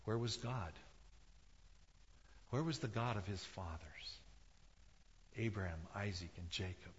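A man's voice: lowish voice, unhurried. Man preaching in a reverberant hall. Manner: dramatic, acts out quoted voices, rises and drops in intensity. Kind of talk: sermon storytelling. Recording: dull sound in a reverberant hall.

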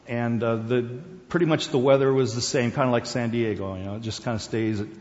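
A man's voice: medium pitch, steady tone, a little fast, a little mellow. A man who grew up in Korea, Borneo and Singapore, talking informally in a rambling, conversational way with many fillers and restarts. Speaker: speaker. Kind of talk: informal personal talk. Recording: dull sound with long hall reverb.

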